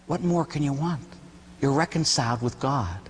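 A man from the Pittsburgh area, a Catholic priest, preaching a sermon with lively storytelling and frequent tag questions. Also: medium pitch, normal speed, husky. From Pittsburgh area, United States. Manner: animated storytelling, acting out quoted voices, tag questions. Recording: echoey hall with faint hum.

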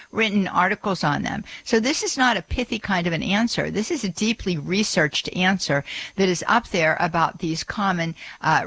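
Bright, lively woman hosting a radio show. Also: fairly low pitch, no echo. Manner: energetic, chatty, with frequent fillers and restarts. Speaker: radio host. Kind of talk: radio talk show chat. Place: radio studio. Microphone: studio microphone.

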